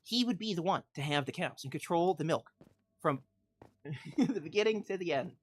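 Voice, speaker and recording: A woman streaming a game, telling a mock-epic tale in a theatrical way, swinging from loud declarations to hushed asides and laughing often. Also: fairly low pitch, animated, moderate pace, husky.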